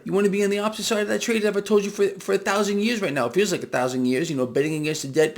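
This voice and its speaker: A man's voice: sits high, quick pace, hardly any pauses. A man giving a casual market commentary monologue with allergies, speaking emphatically and sardonically, repeating phrases and laughing at bad news. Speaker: financial commentator.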